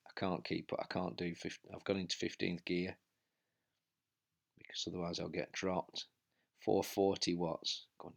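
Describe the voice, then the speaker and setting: A man's voice: deep voice, creaky. A man commentating on his own indoor bike race as he rides, out of breath and urging himself on. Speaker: cycling vlogger. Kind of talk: live race commentary while riding.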